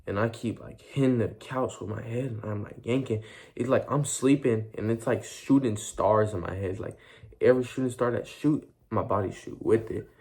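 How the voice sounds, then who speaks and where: A young man tells a personal story in a loose storytime vlog. His voice sits a bit low, and he rambles along in slang, often starting a sentence over. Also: moderate pace, a little mellow. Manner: rambling, slangy, with many restarts and fillers.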